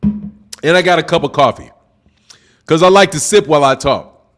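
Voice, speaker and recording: A man hosting a boxing live stream, talking at full volume with a lot of excitement. His voice sits high and carries. He keeps his words casual and drops "bro" into almost every line. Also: normal speed, music in the background. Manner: loud, projecting, excitable, says bro a lot; reads super chats aloud. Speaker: boxing channel host. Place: home live stream, sipping drinks.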